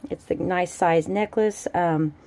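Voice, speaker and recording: A woman casually showing off her handmade jewelry in a relaxed, chatty way at a home craft table. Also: on the low side, measured pace. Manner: chatty, relaxed, fond little asides. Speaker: jewelry-making vlogger. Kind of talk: casual show-and-tell.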